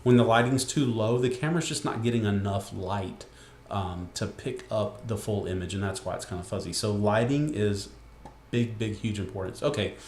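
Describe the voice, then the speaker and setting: A man's voice: on the low side, normal speed, a little mellow, echoey room, slight background noise. A man giving a casual, rambling tutorial from his home desk, with many fillers and restarts. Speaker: webcasting instructor. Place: home room with desk and window. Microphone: computer screen recording.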